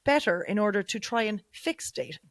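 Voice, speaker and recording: A young adult Irish woman hosting a podcast, chatting casually with quick asides and the odd swear. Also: mid-range voice, lively intonation, dry recording. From Ireland. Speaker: podcast host. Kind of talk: casual interview chat.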